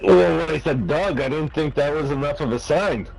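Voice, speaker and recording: A man's voice: a little high, fairly quick, creaky, a little mellow, soft background music, rough recording. A man with a New Jersey accent, stoned, rambling and restarting his words in casual chat while gaming on a headset. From North Jersey, USA. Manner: rambling, stumbles and restarts words, laughs often. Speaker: gamer.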